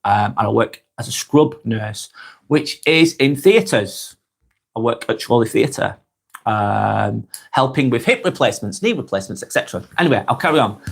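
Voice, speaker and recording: Chatty Lancashire man with a lively voice. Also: mid-range voice, moderate pace, creaky, slightly rough. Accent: Lancashire (Blackburn, Darwin). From northwest England. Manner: chatty, friendly, reads viewer comments aloud. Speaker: live vlog host. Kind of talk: casual live chat reading comments.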